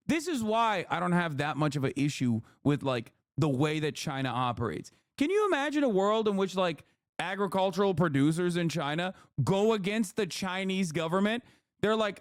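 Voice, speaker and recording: A man in his thirties riffs on a political clip from his home stream, swearing freely and mocking his opponents. His voice sits high for a man. The recording is dry and close, with almost no room sound. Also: sing-song, normal speed, clear, resonant tone, no echo. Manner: profane, heated, mocking, mimics opponents in a shouting voice. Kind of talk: casual political commentary stream.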